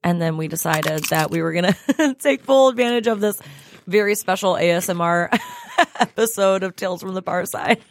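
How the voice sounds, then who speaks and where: A woman's voice: lowish voice, normal speed, a little hiss or hum. A woman co-hosting a casual podcast, chatty and agreeable, laughing often. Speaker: podcast co-host. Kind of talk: casual chat. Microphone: studio microphone.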